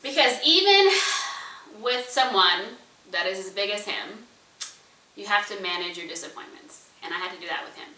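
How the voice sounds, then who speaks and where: A woman entrepreneur and speaker telling a personal story to an audience in an animated, conversational way. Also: medium pitch, normal speed, recorded from a distance. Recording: roomy echo, voice a bit away from the mic.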